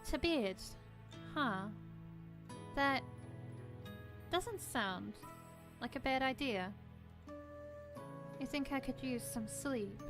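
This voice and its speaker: Woman reads as a sheltered, proud young man, exhausted; soft, weary delivery, voiced a bit high. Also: animated, extremely slow, long pauses, over music, full character voice.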